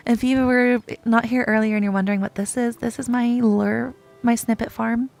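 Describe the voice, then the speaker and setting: A young woman chats to her viewers while she plays a video game. Her voice sits a touch high with a gravelly fry, and she gushes and groans dramatically. The talk stays casual and excitable throughout. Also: moderate pace, faint music behind. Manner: excitable and self-declared dramatic, gushing and groaning. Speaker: game streamer. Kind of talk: casual gameplay chat to viewers.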